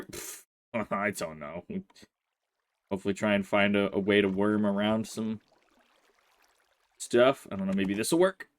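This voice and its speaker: A man's voice: lowish voice, unhurried, long pauses. Give me a man hosting a gameplay video, exasperated and grumbling as he talks at his in-game horse. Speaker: let's play host. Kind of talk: casual gameplay commentary.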